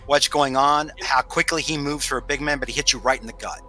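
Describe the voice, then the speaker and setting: A man narrating as game master of a tabletop horror game in a relaxed, halting way. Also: mid-range voice, soft background music, rough recording.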